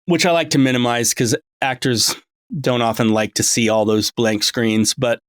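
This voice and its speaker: A man's voice: medium pitch, fairly even intonation, normal speed, no echo. A middle-aged man talking as a voice director in a casual interview, rambling and full of ums and restarts. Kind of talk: casual long-form interview. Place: his home.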